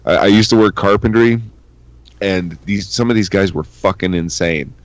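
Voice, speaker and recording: A man's voice: low-pitched, normal speed, no room sound. A man co-hosting a podcast in crude, joking casual chat, acting out quotes. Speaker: podcast co-host.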